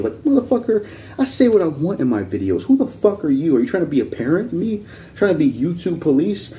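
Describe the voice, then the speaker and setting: A man's voice: fairly high pitch, very animated, a little fast, mellow, a little hiss or hum. Blunt, swearing man ranting. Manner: blunt, profane and combative; repeats points insistently. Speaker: channel host reacting to videos. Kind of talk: ranting reaction commentary.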